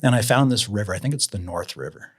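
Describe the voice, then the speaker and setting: A man telling fishing stories as a podcast guest in a casual, animated way, raising his voice to act out the people he quotes. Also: fairly low pitch, quick pace, breathy edge. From Idaho, USA. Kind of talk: casual storytelling in an interview.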